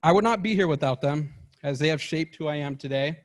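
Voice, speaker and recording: A man's voice: on the high side, brisk. A young man, a scholarship recipient, giving a prepared, gracious and formal speech of thanks. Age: young adult.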